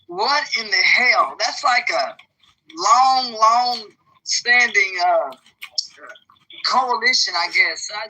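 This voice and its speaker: Rambling exasperated man, bright high voice. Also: rough recording. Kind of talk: casual political chat.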